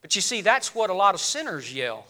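A man preaching a sermon in a church, swinging between low, quiet lines and loud, rising appeals. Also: very animated, a little fast. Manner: preaching with rising and falling intensity, dropping low then building loud. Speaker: pastor.

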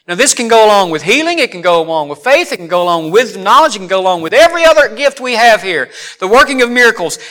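A man preaching a sermon in a church, telling folksy stories that suddenly rise loud. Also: sits high.

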